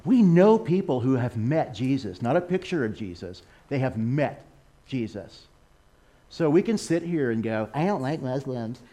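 An American man giving a sermon over a slideshow, animated, with laughing asides and excited exclamations. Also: medium pitch, a little slow. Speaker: missionary speaker.

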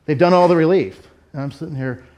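A man's voice: a little high, quick pace, darkish tone. A middle-aged man preaching a sermon in a candid, self-deprecating, conversational way. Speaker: pastor. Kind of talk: sermon with personal story.

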